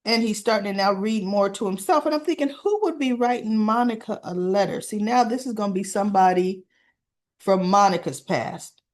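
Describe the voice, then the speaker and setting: A woman's voice: mid-range voice, normal speed. A woman casually recapping a soap opera episode, chatty, retelling scenes with quoted lines and asking "right?" as she goes.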